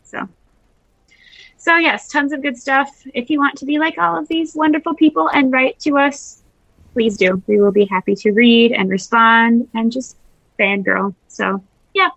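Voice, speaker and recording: Brief: upbeat woman co-host, bright forceful voice, dry close mic. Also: fairly high pitch, unhurried, vocal fry, no room sound, lo-fi sound. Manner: upbeat, wraps up the show. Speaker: podcast co-host. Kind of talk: casual chat.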